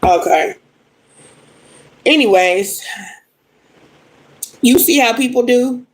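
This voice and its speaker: Young woman, tarot livestream, angry, blunt, profane, fairly high voice. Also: takes it slowly, poor audio. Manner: blunt, profane, venting at chat commenters. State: upset and angry. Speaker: live tarot reader. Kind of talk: casual livestream chat.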